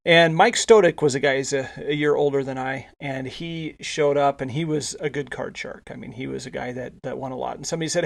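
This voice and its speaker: A man's voice: medium pitch, steady tone, a little fast, creaky, hardly any pauses. A male podcast host telling a casual anecdote, rambling with frequent restarts and repeated words. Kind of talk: casual storytelling.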